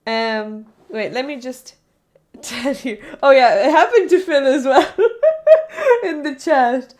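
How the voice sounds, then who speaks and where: A woman's voice: sits high, sing-song, slow, a little mellow. A young woman streamer chatting casually with her live chat, rambling, correcting herself and laughing often.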